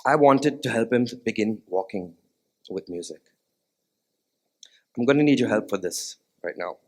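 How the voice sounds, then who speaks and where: A man's voice: lowish voice, lively intonation, a little slow, darkish tone. Earnest man giving a stage talk. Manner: sings short nursery melodies as demonstrations; earnest, asks the audience questions. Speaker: music therapist. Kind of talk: TEDx-style stage talk. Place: stage before a live audience.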